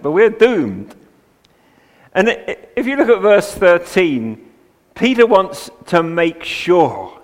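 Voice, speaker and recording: A man preaching a sermon from the pulpit, shifting between chatty asides and emphatic, rising passages. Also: on the high side. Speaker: pastor. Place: church sanctuary, at the pulpit. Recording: long church hall reverb.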